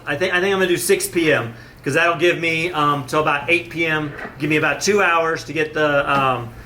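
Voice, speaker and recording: Man, animal-center owner, excitable, stumbles over words, bright tone, faint room ambience. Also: on the high side, a little hiss or hum. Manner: enthusiastic, gets emotional. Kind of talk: casual video talk to viewers.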